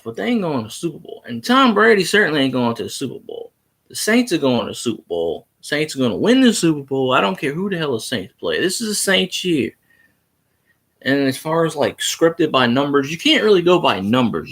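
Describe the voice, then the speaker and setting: A man's voice: fairly high pitch, fairly bright tone. A man hosting a casual livestream about his team, arguing heatedly with viewer comments and swearing freely. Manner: heated, profane, argumentative. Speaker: sports fan livestream host. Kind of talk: casual live chat reacting to viewer comments.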